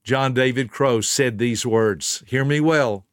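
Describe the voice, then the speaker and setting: Man, mid-pitched, earnest motivational storyteller, dry close sound. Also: slow, no echo. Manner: earnest, emphatic, speaks directly to listener. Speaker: motivational speaker.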